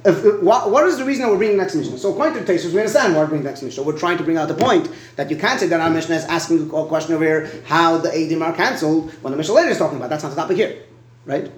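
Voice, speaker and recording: A man teaching a Talmud study session, reasoning aloud in quick bursts and repeating words as he thinks, in an echoey room. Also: fairly high pitch. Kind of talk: animated Talmud study debate.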